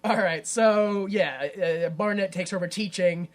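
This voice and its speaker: A man's voice: sits high, unhurried. A man co-hosting a podcast, retelling a movie in a jokey way and acting out its characters. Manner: jokey, acts out characters in silly voices. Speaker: podcast co-host. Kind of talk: casual chat, retelling a movie.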